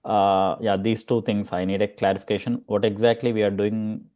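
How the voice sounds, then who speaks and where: A man's voice: fairly low pitch, level tone, moderate pace, a little mellow. A man from Hyderabad with an Indian English accent, a father asking a question on a video call, hesitant and full of fillers.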